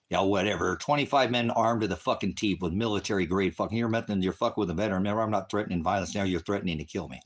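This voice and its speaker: On a livestream, a man with a lowish voice angrily rants at his chat, taunting and swearing at viewers in a combative way. He speaks into a phone camera, partly outdoors on his farm.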